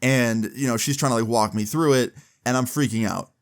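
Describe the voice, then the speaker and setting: Brief: young guy, mid-pitched, casual storytime vlogger, swears a lot. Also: a little fast. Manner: animated, casual, swears freely. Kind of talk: storytime vlog.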